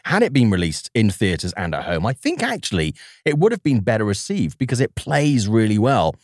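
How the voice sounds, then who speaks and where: Fruity-voiced British man, lively. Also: lowish voice, normal speed, no room sound, studio quality. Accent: British, mixed Welsh and English. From United Kingdom. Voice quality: fruity, plummy. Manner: chatty, self-deprecating, many restarts. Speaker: podcast guest, film journalist. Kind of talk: casual podcast chat.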